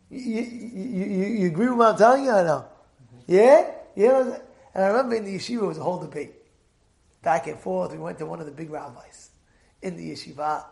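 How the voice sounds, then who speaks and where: Male Torah teacher with a high voice, animated and laughing, repeats himself a lot, casual class. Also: moderate pace, creaky, pauses often. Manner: animated storyteller, repeats words, laughs often.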